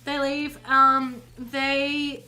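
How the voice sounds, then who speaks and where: A woman's voice: high voice, flat delivery, very slow, bright, forceful tone, poor audio. A woman streaming while painting, telling a rambling story in casual chat and often correcting herself. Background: faint music.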